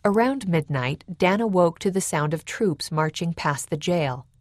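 A woman reads a historical narration in a measured, even storytelling manner. Her voice sits somewhat low, and the studio recording is close and dry, with no room echo.

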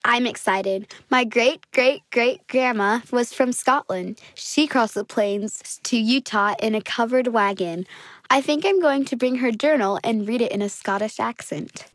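A cheerful, curious young girl from a children's storybook, as a woman reads her aloud. The voice sits fairly high and sounds dry and close, with an earnest, eager way of speaking. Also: measured pace, dry recording, lightly acted. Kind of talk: children's magazine story reading.

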